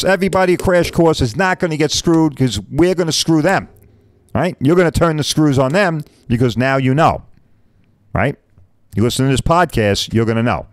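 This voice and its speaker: A man's voice: medium pitch, lively intonation, normal speed, no echo. A man in his fifties, a podcast host, talking casually and bluntly, rambling and mild swearing, often asking "right?". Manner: chatty, keeps asking "right?".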